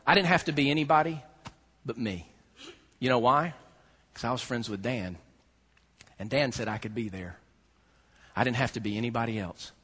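Here a husky, medium-pitched male pastor speaks at normal speed, pausing often as he delivers his sermon. He animatedly tells a humorous personal anecdote, laughing frequently and performing the dialogue, then moves into scripture.

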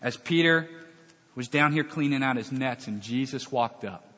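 A man's voice: medium pitch, normal speed, a bit bright. A man preaching a sermon, telling a Bible story with dramatic acted-out dialogue. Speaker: pastor. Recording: long reverb of a large hall.

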